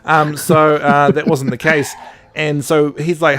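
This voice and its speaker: A man's voice: on the high side, fairly even intonation, measured pace, fairly bright tone. A young man co-hosting a podcast, rambling and sarcastic in casual chat, laughing often. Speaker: podcast co-host.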